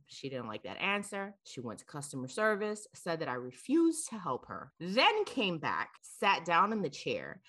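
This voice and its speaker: A woman in her thirties with a slightly low voice, co-hosting a relaxed chat. She tells stories bluntly and swears freely, with lots of energy in the telling. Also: moderate pace, hardly any pauses. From Florida. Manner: blunt, profane, animated storyteller. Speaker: podcast co-host. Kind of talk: casual chat.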